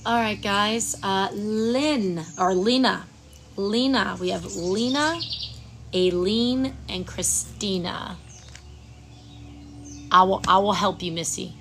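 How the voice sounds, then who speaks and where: A woman's voice: medium pitch, slight background noise. Chatty woman hosting an outdoor Reiki stream. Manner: chatty, reads viewers' names aloud and fumbles them; soft, slow guided breathing cues. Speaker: Reiki practitioner and stream host. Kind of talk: live-streamed Reiki session with chat. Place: outdoors at sunrise.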